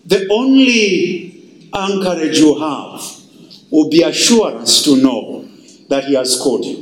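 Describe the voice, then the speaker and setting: Man, pastor, sermon, high voice, slow emphatic delivery, echoey hall. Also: animated, slight background noise. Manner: slow, emphatic preaching with dramatic pauses and acted quotes.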